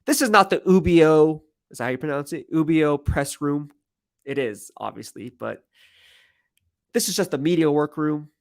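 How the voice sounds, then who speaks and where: A man with a somewhat high voice runs a casual live-stream Q&A as a team reporter. He talks in loose, rambling runs and pokes fun at himself. The sound is dry, with no room echo. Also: moderate pace. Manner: rambling, self-deprecating storyteller. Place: media workroom at team headquarters.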